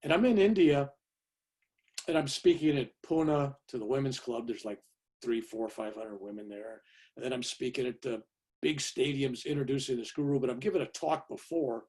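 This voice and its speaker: A man's voice: medium pitch, moderate pace, a little mellow, breathy edge. A man, a guest speaker chatting through a personal story for an audience and tagging his lines with "right?". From California, USA. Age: 70s. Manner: chatty, keeps tagging "right?" and "you know".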